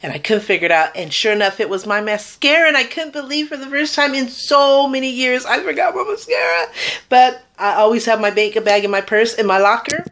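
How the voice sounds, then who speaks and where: A woman's voice: mid-range voice, expressive, quick pace, hardly any pauses, a bit bright. A woman chatting casually through a makeup tutorial, rambling and enthusiastic about her products. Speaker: beauty vlogger.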